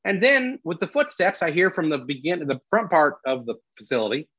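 A man, a comedian, telling a story in casual podcast chat, animated and full of restarts. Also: on the high side, brisk, husky, no echo. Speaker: comedian guest. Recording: dull lo-fi dry sound.

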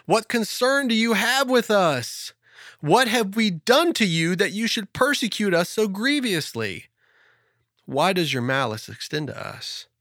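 A man's voice: high voice, very animated, unhurried, fairly bright tone, no echo, voice pushed up, heavily acted. A grieving first woman cries out against the devil, her voice lifted and pleading, as a man reads her part aloud. The sound is close and dry. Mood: anguished.

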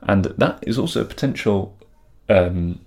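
Low-voiced man chatting on a podcast. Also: measured pace, darkish tone. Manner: upbeat and playful, laughs easily. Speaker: podcast co-host. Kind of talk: casual chat.

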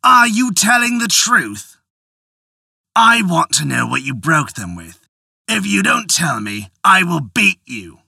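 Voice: medium pitch, very animated, gravelly, slightly rough, no room sound, clean studio sound, pitched above the performer's own voice, full character voice. A narrator doing an angry demanding husband. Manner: slow, forceful, demanding. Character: angry exasperated husband, tailor. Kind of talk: storytelling voice acting.

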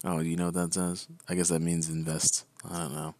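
A man's voice: deep voice, monotone, fairly quick, a little mellow, dry recording, clean studio sound. A man co-hosting a podcast, reading news headlines and explaining them in casual chat, often adding "right?". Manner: reads headlines, then explains loosely with "right?" asides. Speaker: podcast co-host.

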